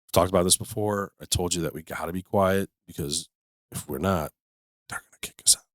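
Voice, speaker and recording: A man's voice: low voice, a little fast, no echo, studio quality. A man co-hosting a casual podcast, telling stories about his kids and swearing casually. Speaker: podcast co-host. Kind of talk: casual chat.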